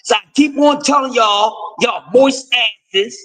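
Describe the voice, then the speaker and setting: A man's voice: very high voice, unhurried, a bit bright, poor audio. A man hosting a boxing talk stream, delivering profane, confrontational commentary and lecturing his audience with repeated refrains. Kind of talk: ranting commentary.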